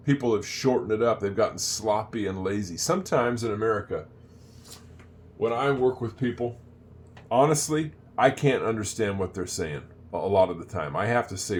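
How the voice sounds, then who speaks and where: An older man talks through a basic English lesson in a somewhat low voice. He chats loosely, wanders off topic and repeats phrases slowly for learners to follow. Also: animated. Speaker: English teacher. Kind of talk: casual spoken lesson.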